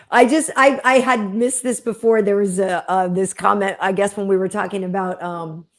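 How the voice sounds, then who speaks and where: A woman's voice: medium pitch, fairly even intonation, moderate pace. Easygoing woman host from New England. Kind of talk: casual podcast chat.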